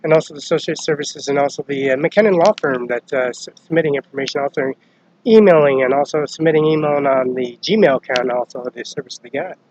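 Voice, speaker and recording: A man's voice: on the high side, quick pace, a little mellow, highs cut off, a little hiss or hum. An agitated man delivering a rambling, profane complaint that jumps from topic to topic.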